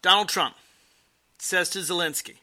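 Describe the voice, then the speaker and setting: A man's voice: high-pitched, moderate pace, pushed and bright. A man giving political commentary in an emphatic, sarcastic way. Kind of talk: explanatory commentary.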